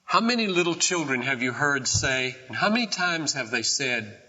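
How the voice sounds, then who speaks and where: An older man preaching a sermon with impassioned swings from quiet to shouting, recorded in a church hall. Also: medium pitch, big pitch swings, moderate pace, hardly any pauses. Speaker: pastor. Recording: dull recording in a large hall.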